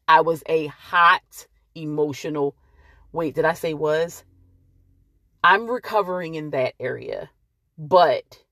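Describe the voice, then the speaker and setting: A woman in her late thirties with a drawl talks straight to camera in a slow, deliberate monologue. She leans hard on key words and lets her points land with wry emphasis. The sound is close and dry, with no room around it. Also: low-pitched, a bit bright, no room sound. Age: late 30s. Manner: emphatic and wry, drawn-out stresses, pausing for effect.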